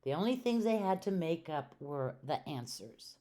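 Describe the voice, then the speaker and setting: A woman's voice: low-pitched, very animated, normal speed, warm tone. A woman reading aloud and voicing a kind, patient female schoolteacher in a storybook, friendly and explaining.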